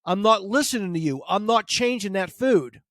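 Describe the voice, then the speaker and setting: A stubborn dog owner snaps back, curt and defensive, as a man imitates him in a story. The voice sits a bit high and sounds dry and close. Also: animated, moderate pace, a bit bright, no room sound. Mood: angry.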